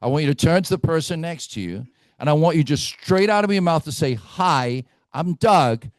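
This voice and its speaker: A man's voice: a little high, expressive, quick pace, darkish tone, no echo, clean studio sound. Blunt middle-aged man running team training. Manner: blunt, storytelling, asks "right?" often. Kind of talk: live team training talk. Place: meeting room with a group.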